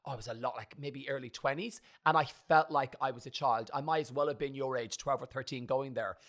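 Bright-voiced man chatting. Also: mid-range voice, brisk. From Ireland. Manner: teasing, animated storyteller. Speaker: podcast host. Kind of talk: casual chat.

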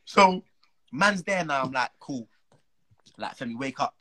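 A young man, a footballer telling an animated, slang-filled story as a guest. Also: mid-range voice, a little slow, rough recording. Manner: animated, slang-heavy, acts out the people he quotes. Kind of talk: casual storytelling.

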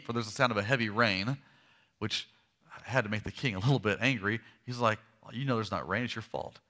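Bright-voiced man preaching with dramatic swings. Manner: dramatic storytelling, swinging from loud emphasis to hushed lows; slows down to stress key lines. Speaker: pastor. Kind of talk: sermon.

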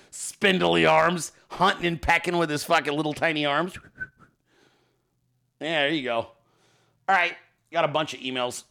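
A man hosting a podcast in casual, profane, joking chat, quick to laugh. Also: fairly high pitch, gravelly, pushed and bright. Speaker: podcast host.

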